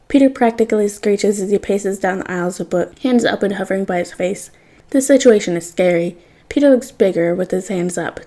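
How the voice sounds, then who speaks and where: Mellow woman reading fan fiction aloud. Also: mid-range voice. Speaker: podfic reader.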